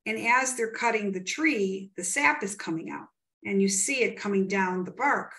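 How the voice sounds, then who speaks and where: A woman's voice: mid-range voice, expressive, normal speed, fairly bright tone. Earnest rambling woman storyteller. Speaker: psychic medium. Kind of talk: interview guest telling stories.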